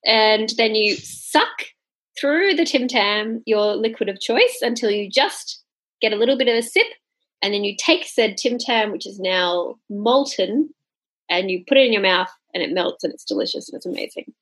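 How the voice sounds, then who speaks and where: A woman from Australia with an Australian accent, hosting a casual podcast chat in an animated, joking way. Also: medium pitch, normal speed. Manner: animated, jokey, laughs often. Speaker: podcast host.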